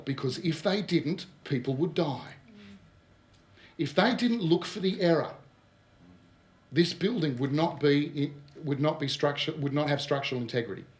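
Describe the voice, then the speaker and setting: An Australian man runs a business workshop in front of a live audience, his voice a touch high for a man. He talks in a lively, joking way, tossing out asides. The sound carries the echo of a big room. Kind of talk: workshop presentation. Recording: roomy echo of a hall.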